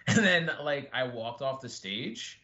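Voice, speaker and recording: A man, a stand-up comedian, telling an animated story in casual chat. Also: mid-range voice, takes it slowly. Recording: dull lo-fi recording.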